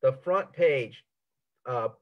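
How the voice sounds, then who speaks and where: A man's voice: medium pitch, animated, slow, a little hiss or hum. A man in casual conversation who stumbles over his words and picks apart small details with amused disbelief. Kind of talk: casual chat. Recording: dull lo-fi audio.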